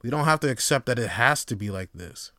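A man hosting a solo podcast, talking in a casual, profane, rambling way that swings between quiet reflection and animated storytelling. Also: medium pitch, fairly quick, no room sound, studio quality. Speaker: podcast host.

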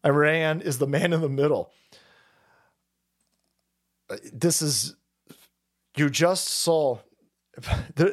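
A man's voice: a little high, slow pace, pauses often. A middle-aged man streaming an angry, profane political rant.

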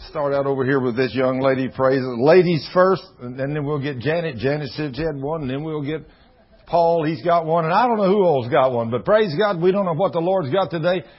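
A man's voice: on the high side, a little fast, husky, highs cut off. A man preaching a folksy sermon, telling stories and acting out the dialogue in shifting voices. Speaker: pastor.

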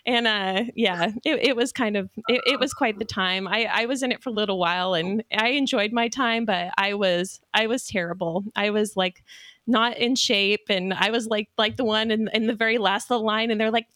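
A woman's voice: medium pitch, a little fast, fairly bright tone, dry recording, clean studio sound. A young woman host from Idaho, telling stories in a bubbly, giggly way during a casual interview. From Idaho, United States. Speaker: podcast host.

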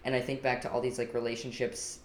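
A man's voice: medium pitch, completely flat delivery, quick pace. Casting: man, podcast co-host, thoughtful rambler, roomy sound. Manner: rambling, reflective, full of fillers. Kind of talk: casual podcast chat.

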